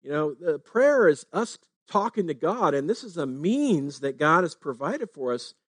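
Pastor, male, slightly high voice, relaxed talky sermon delivery, dry recording. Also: unhurried, no echo. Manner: conversational preaching, frequent "right?" tags.

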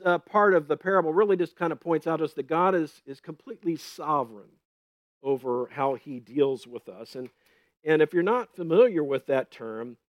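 Speaking in a fairly high voice with no echo, a man leads a chatty Bible teaching. He retells stories enthusiastically, often checks in with "right?", and laughs at his own stories.

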